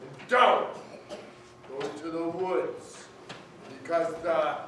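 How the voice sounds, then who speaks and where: A man's voice: fairly high pitch, steady tone, slow, sharp tone, slight background noise, voice pushed down. A man voicing a caring mother who soothes and warns her daughter, recorded far off in an echoey school hall. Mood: cautioning. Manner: soothing, cautioning. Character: caring mother, gentle and warning.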